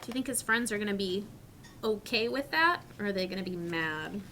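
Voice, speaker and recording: A woman teacher reading a story to young children, asking questions and modelling sounds slowly and clearly. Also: medium pitch, animated, pushed and bright, a little hiss or hum. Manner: slow, clearly articulated, questioning.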